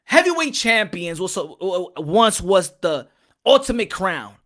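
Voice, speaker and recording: A man from Texas hosting a casual boxing opinion vlog, talking in an animated, repetitive, profane way. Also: high voice, a little slow. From Texas, USA. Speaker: boxing commentator and host.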